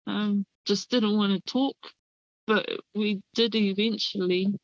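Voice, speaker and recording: A woman answering interview questions in a hesitant, subdued way, with many pauses. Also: mid-range voice, little pitch movement, no room sound. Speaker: interview guest. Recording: dull, lo-fi, dry remote line.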